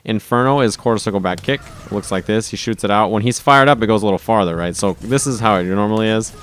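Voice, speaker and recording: Man, lowish voice, relaxed gameplay commentary, chatty tutorial delivery. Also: quick pace, a little hiss or hum. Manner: casual, enthusiastic, frequent "right?" and restarts. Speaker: fighting game video host.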